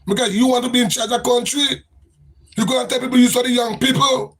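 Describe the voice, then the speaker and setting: A Grenadian man hosts a livestream and delivers a fiery political rant in a high, husky voice. Keeping a steady tone at a fairly quick pace, he circles back to the same phrases with a lilting, sing-song cadence.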